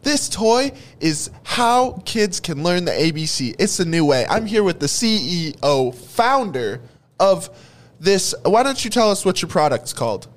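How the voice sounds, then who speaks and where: A man's voice: high-pitched, very animated, a little slow. Man hamming up a game-show intro. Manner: hammy announcer delivery. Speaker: podcast co-host. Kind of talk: mock game-show hosting.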